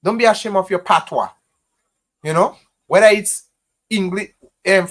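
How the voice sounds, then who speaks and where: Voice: mid-range voice, moderate pace, a bit bright. Impassioned Grenadian live-streamer. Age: adult parent. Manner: impassioned, repetitive, heavy use of "you know". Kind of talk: casual live-stream talk to viewers.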